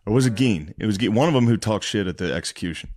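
A man co-hosting a comedy podcast with a lowish voice, trading crude deadpan jokes in casual chat. The sound is dry, as if he is close to the mic. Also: fast talker, no echo. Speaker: podcast co-host.

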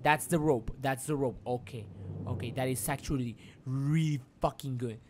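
A male streamer narrates his horror gameplay to himself, stacking repeated words and casual swearing as he works through each move. His voice sits at an everyday middle pitch. There is noticeable noise in the stream recording. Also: normal speed. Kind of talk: live gameplay commentary.

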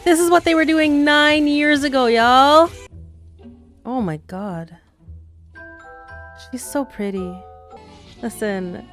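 Gushing woman reacting with quiet music. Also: high-pitched, slow pace, pauses often. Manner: gushing, exclaiming, laughing often. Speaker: K-pop reaction host. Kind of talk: casual reaction commentary. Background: show audio playing underneath.

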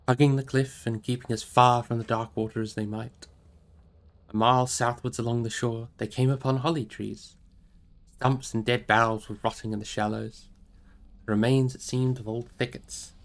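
Man, novel reading, steady measured delivery, medium pitch, live stream reader. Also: vocal fry.

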